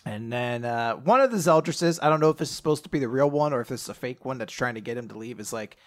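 A man's voice: medium pitch, lively intonation, quick pace, hardly any pauses. A man recapping manga chapters in casual podcast chat, retelling scenes animatedly and acting out the characters' lines. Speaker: podcast co-host.

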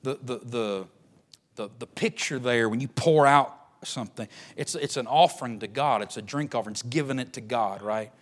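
A man preaching a sermon as pastor, swinging between loud emphatic lines and hushed ones. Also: mid-range voice, normal speed.

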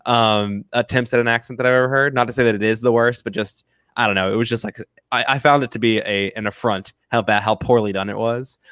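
A man's voice: medium pitch, steady tone, fast talker, a bit bright, smooth, no room sound, studio quality. A man co-hosting a casual film review chat, rambling with many restarts and fillers. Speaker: film review podcast co-host.

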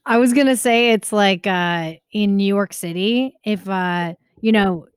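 A woman in casual podcast chat, telling a joking story in an animated way. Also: medium pitch, a little slow, clear, resonant tone, no echo, studio quality.

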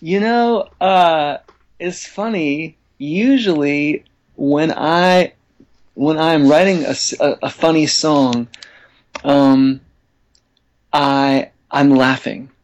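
A man being interviewed as a songwriter guest, talking in a relaxed, chatty way and laughing easily. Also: on the high side, slow, highs cut off. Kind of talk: casual interview chat.

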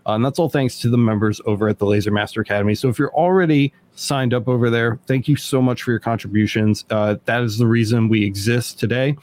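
A man's voice: medium pitch, fairly even intonation, quick pace, hardly any pauses, a little mellow. A man hosting a casual podcast, rambling and joking with frequent restarts. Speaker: podcast host.

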